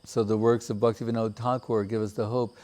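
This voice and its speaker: A man giving a measured, reflective devotional talk with many pauses. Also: on the low side, little pitch movement, a little mellow. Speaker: spiritual teacher. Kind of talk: devotional discourse.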